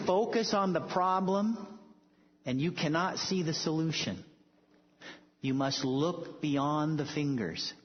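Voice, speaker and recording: A man's voice: on the high side, slow pace, a little hiss or hum. A male preacher giving a sermon, telling stories emphatically and building to bold declarations. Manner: emphatic storytelling, rising to declarations. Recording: echoey hall, dull lo-fi sound.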